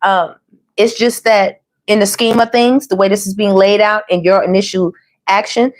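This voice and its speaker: A woman's voice: medium pitch, fairly even intonation, moderate pace. A woman giving a casual tarot reading, chatty and slangy, talking to viewers as y'all and baby. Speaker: tarot reader.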